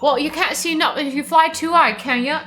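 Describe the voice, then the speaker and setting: A woman's voice: high voice, fairly quick, bright, forceful tone, soft background music, voice pushed up. A woman voicing a brash, boastful young woman inspector who talks in slang. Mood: cocky.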